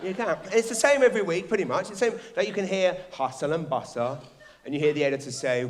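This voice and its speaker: A man's voice: on the high side, lively intonation, quick pace, slight background noise. A man doing a stand-up comedy set on a theatre stage, telling stories animatedly, acting out characters and swearing. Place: theatre stage before a live audience. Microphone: stage microphone.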